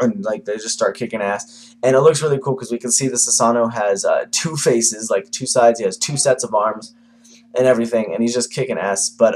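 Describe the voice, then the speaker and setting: A man's voice: medium pitch, a little mellow, a little hiss or hum. A man giving a casual manga review to camera, rambling with lots of fillers and the odd swear.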